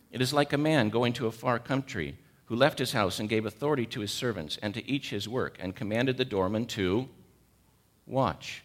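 A man's voice: medium pitch, normal speed. A man in his sixties with a cold, preaching a sermon, emphatic and repeating key words as he questions the congregation. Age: 60s. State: has a cold.

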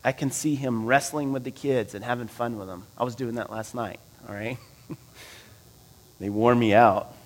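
A man preaching a sermon, reading scripture aloud and explaining it in a conversational way, asking his listeners questions and swinging between loud and quiet. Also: medium pitch, steady tone, moderate pace. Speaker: pastor.

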